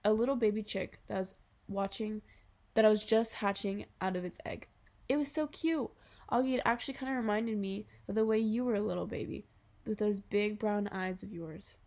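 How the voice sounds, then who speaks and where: A woman voices a patient mother in a storybook reading, soft-spoken and reassuring. She coaxes rather than pushes, in an even, warm-toned read. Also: medium pitch, normal speed, natural voice. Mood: fond. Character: patient gentle middle-aged mother.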